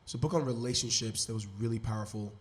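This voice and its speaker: A man's voice: mid-range voice, fast talker. A man hosting a podcast in casual chat, enthusiastic and rambling with slang. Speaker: podcast host.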